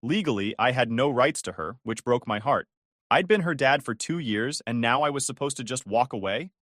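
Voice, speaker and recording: A man's voice: medium pitch, animated, moderate pace, fairly bright tone, dry recording, studio quality. A man narrating a scripted first-person family drama story, with bitter, emphatic phrasing and rising questions.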